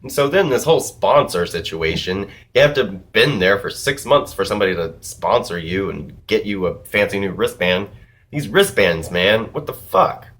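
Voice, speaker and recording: A man giving a casual, rambling spoken review of a TV episode, animated and swearing freely. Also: lowish voice, normal speed. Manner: animated, profane, rambling with restarts.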